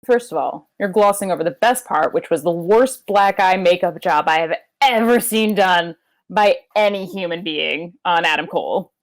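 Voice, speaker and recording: A woman's voice: lowish voice, normal speed. A woman co-hosting a podcast, bantering sarcastically and swearing as she mocks what she watched. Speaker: podcast co-host. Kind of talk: casual banter.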